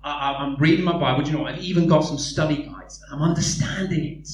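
A man's voice: a little high, fast, voice pushed down, natural voice. A man voicing an eager but self-doubting believer who swings between bragging and panic. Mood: boastful. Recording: echoey room, distant mic, faint hum.

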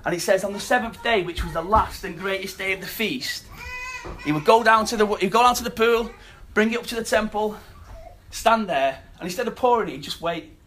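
A man preaching a sermon, telling a scripture story earnestly and dropping to quiet emphasis. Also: high-pitched, fairly quick, a little hiss or hum.

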